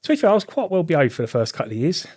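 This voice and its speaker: Fast-talking army veteran. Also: male voice, on the high side, huge pitch swings, a little mellow, slightly rough, no echo, clean studio sound. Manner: quick, chatty, laughs at his own stories. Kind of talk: casual podcast chat, storytelling.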